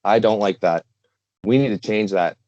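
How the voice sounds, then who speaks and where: A man's voice: fairly low pitch, moderate pace, darkish tone, no room sound. Man from canada, earnest, rambling, dry dull lo-fi recording. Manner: earnest, rambling, many fillers and restarts. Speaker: guest, charity founder. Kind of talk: casual interview talk.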